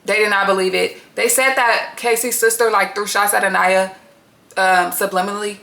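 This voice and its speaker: A woman's voice: mid-range voice, fairly even intonation, normal speed, gravelly, sharp tone, reverberant. A woman giving a casual, blunt and profane recap of a reality dating show, full of slang and gossip.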